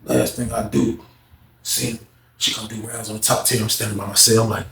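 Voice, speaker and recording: A man telling a story in a casual, animated, slangy monologue, full of profanity. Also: on the low side, fairly quick. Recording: echoey room with faint noise.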